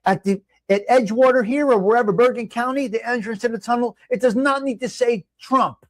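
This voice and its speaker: A New man rants on his livestream, angry and swearing, his voice pitched high for a man. He is recorded dry and close, with no room sound. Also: fairly quick, dry recording. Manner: angry, profane, shouting at times. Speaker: livestream host. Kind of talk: heated livestream rant.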